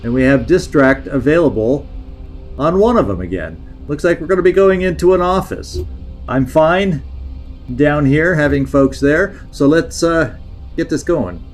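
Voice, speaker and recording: A man's voice: fairly high pitch, expressive, a little slow, faint music behind. A man streaming a strategy game, thinking aloud in a hesitant, musing way as he plans each move. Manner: musing, hesitant, talks himself through plans. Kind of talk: thinking-aloud gameplay commentary.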